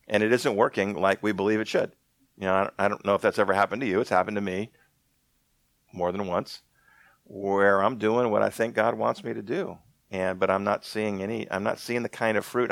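A man preaching a sermon in a conversational way, slowing down to read scripture aloud. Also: fairly low pitch, a bit bright, dry recording. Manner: conversational, restarts often, reads scripture slowly. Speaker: pastor.

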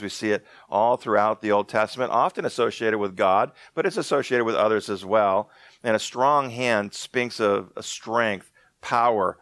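A man preaching a sermon in a conversational way, slowing down to read scripture aloud. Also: fairly low pitch, fairly bright tone, no room sound. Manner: conversational, restarts often, reads scripture slowly. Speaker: pastor.

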